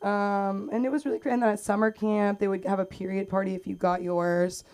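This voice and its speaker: A woman's voice: mid-range voice, flat delivery, a little fast, a little mellow. A young woman doing a stand-up set on a comedy club stage, chatty and rambling, acting out quotes. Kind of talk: stand-up set at an open mic. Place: comedy club stage under bright lights.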